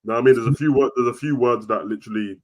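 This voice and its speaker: Fast-talking young man. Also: medium pitch, crowd noise. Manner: slangy, animated, quick banter. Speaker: football podcast co-host. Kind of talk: casual chat.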